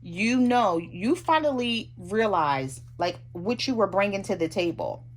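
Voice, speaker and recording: A woman with a mid-range, expressive voice gives a casual tarot reading to her viewers, with a little hiss or hum in the audio. She chats freely, acting out what both partners in a relationship might say in quick asides.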